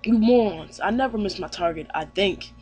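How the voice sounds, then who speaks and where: A man's voice: high-pitched, moderate pace, darkish tone, close to an everyday voice. A man voicing a creepy, obsessive male fish-man captain in a pompous, declaring way.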